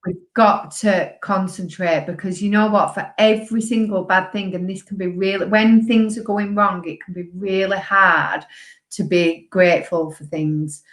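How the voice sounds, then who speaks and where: A woman's voice: mid-range voice, steady tone, normal speed, a bit bright, roomy sound, poor audio. A woman who is a guest on a podcast, speaking earnestly and upbeat, laughing easily. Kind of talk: casual podcast chat.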